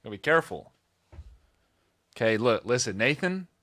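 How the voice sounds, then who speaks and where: A man's voice: medium pitch, sing-song, normal speed, fairly bright tone, dry recording. A man voicing an awkward middle-aged Gen X dad who fumbles through a talk with his teenage son, trying too hard to sound hip.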